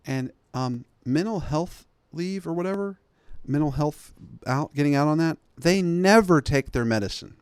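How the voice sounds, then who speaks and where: A man's voice: fairly high pitch, expressive, moderate pace, hardly any pauses, smooth, no echo. A man hosting a podcast, telling a story in a chatty, sarcastic way and acting out the other people in it. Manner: chatty, sarcastic, acts out every character in the story. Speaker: podcast host. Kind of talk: casual comedic storytelling monologue.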